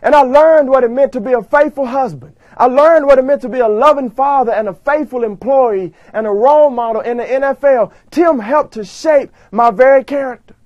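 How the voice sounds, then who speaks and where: A man giving a motivational speech, telling his story dramatically and swinging from loud bursts to hushed lines. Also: very high voice, brisk, hardly any pauses, no room sound, highs cut off. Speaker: motivational speaker.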